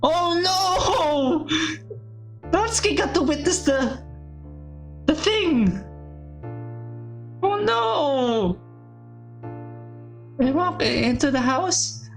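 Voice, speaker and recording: A woman's voice: monotone, quick pace, hardly any pauses, faint music behind, close to an everyday voice. A woman doing a sobbing, panicked teenage girl. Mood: distraught. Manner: high, breaking, stumbling words between sobs.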